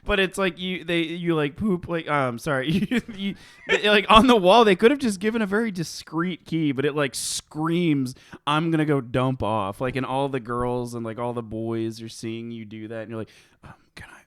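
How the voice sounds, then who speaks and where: A young man co-hosting a casual comedy podcast. He rambles through stories, laughs often and jumps into high mocking voices. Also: steady tone, moderate pace, fairly bright tone, smooth, no room sound, clean studio sound. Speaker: podcast co-host.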